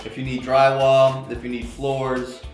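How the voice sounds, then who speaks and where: A man's voice: medium pitch, monotone, unhurried. A man, a guest who owns a business, talking plainly and matter-of-factly about his work. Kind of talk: casual chat. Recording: echoey room, distant mic, faint music.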